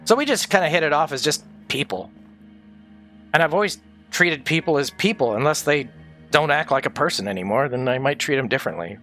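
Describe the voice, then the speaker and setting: A man with a high-ish, bright, forceful voice tells stories from his past on a livestream. He talks casually and swears a lot, laughing along as he goes. Soft music plays quietly behind him. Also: fairly quick. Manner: profane, animated, laughs often. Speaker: livestreamer recalling his audio engineering days.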